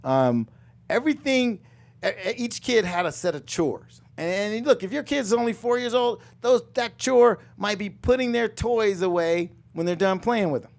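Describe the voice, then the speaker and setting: Middle-aged guy yelling motivational money talk, repeats himself a lot, voice sits a bit high. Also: expressive, normal speed, vocal fry. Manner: loud, emphatic, repeats phrases, jokes and laughs. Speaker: real estate coach and show host. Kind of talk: live motivational finance talk.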